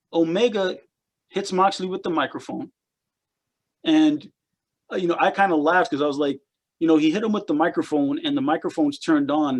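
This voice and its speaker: Rambling man with a higher voice. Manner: rambling, repeats words, critiquing. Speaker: podcast co-host. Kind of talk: casual opinionated chat.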